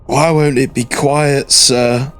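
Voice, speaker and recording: A man's voice: medium pitch, fairly even intonation, fairly bright tone, smooth, soft background music, pitched above the performer's own voice. A man voicing a dying frightened trooper. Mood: fading. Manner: faint, halting, fading. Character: dying young male penal trooper, weak and frightened.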